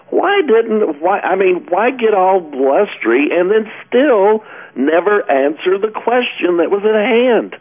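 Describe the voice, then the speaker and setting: A man's voice: sits high, expressive, takes it slowly. A man co-hosting a talk radio show, argumentative and asking pointed questions. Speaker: radio co-host. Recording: tinny phone-like radio audio.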